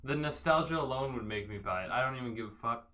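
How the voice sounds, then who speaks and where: Bright-voiced young man, excitable. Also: medium pitch, fast talker. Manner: excitable, swears a lot. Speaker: podcast co-host. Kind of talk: casual chat.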